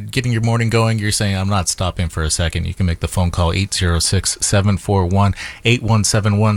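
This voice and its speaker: A man hosting a classical music radio morning show, making upbeat pitches for a fund drive in the studio. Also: no room sound. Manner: upbeat, promotional, repeats phone number. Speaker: radio host. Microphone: studio microphone.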